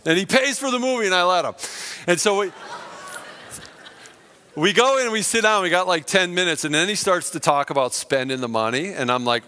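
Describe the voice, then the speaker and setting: A man's voice: on the high side, lively intonation, fast, sharp tone. A man preaching a conversational, self-deprecating sermon and telling a story with acted-out quotes. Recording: long hall reverb.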